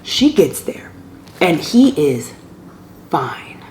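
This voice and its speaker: A woman's voice: deep voice, big pitch swings, very slow, a little mellow. A woman casually and animatedly retelling a romance novel's plot as a book vlogger, sometimes dropping to near-whispers. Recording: echoey room with faint ambient noise.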